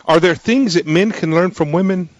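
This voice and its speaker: A man's voice: sits high, moderate pace, dry recording, muffled recording. A male radio talk show host interviewing a guest in an emphatic, joking way, with frequent restarts. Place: radio studio.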